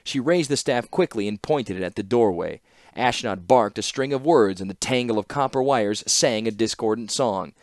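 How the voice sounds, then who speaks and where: A man reading a fantasy story aloud as an audiobook narrator, with steady, measured narration. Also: on the low side, no room sound, clean studio sound.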